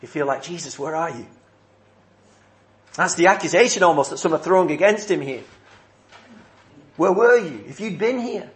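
A man preaching a sermon in an earnest, measured way, leaning on emphatic repeated phrases. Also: high voice, lively intonation.

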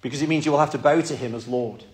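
A man's voice: medium pitch, very fast, a little mellow. A man preaching a sermon in a church, earnest and pleading, often repeating his words.

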